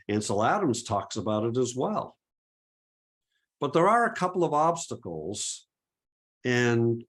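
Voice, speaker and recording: This is a middle-aged man presenting a photography talk, with a voice of ordinary middle pitch. He speaks earnestly and encouragingly. He often asks rhetorical questions and repeats his words as he goes. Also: breathy edge. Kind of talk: webinar talk.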